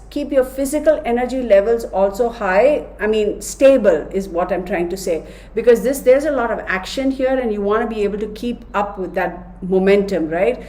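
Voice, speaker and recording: A woman's voice: medium pitch, a little mellow, reverberant. A woman giving a casual, chatty tarot reading, talking straight to her viewers with affection. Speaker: tarot reader.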